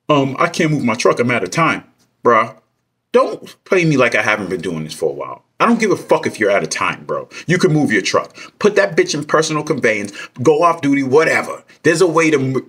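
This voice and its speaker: A truck driver telling a story in a casual vlog, ranting with heated, profane language. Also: male voice, mid-range voice, a bit bright, slightly rough.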